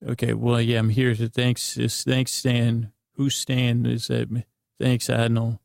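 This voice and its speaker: A middle-aged man rambling through an improvised bedtime story, halting and restarting often. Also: mid-range voice, completely flat delivery, creaky, darkish tone, no echo, studio quality. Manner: meandering, halting, with many restarts. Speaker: bedtime podcast host.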